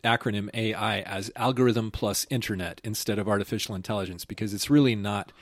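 A man's voice: lowish voice, fairly even intonation, a little fast, no echo, studio quality. Chatty, opinionated male podcast host. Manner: chatty, opinionated, laughs easily. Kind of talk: casual chat.

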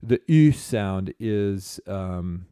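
A man's voice: deep voice, lively intonation, very slow, mellow, clean tone, dry recording, studio quality. A man co-hosting a podcast in casual chat, rambling and reading listener comments aloud. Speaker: podcast co-host.

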